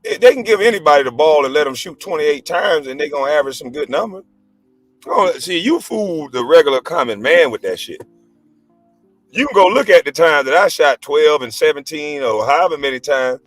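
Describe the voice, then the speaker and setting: A man's voice: a little high, animated, a little fast, faint music behind. A man in his forties, a livestream host and former pro basketball player, ranting in a heated, profane, mocking way. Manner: mocking, profane, combative, laughs scornfully. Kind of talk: heated casual rant.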